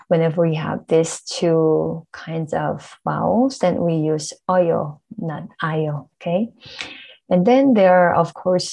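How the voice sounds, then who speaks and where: A woman's voice: on the low side, gravelly, mellow, poor audio. A woman teaching a grammar lesson, patiently explaining step by step and checking in with the learners. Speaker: Korean language teacher.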